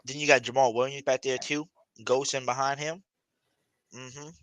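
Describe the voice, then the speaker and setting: A man hosting a casual sports talk show, animated and profane, acting out imagined quotes. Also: mid-range voice, normal speed. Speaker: sports podcast host.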